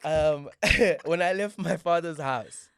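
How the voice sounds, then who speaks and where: A man's voice: fairly high pitch, slow, fairly bright tone, clear, resonant tone, dry recording, clean studio sound. A South African man in his thirties hosting a casual podcast chat, playful and slangy, given to joking asides. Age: 30s. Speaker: podcast host.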